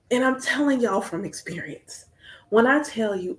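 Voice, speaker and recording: Animated American woman chatting on a livestream. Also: on the high side, normal speed. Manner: animated, storytelling with playful asides. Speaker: spiritual practitioner hosting a livestream. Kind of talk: casual livestream chat.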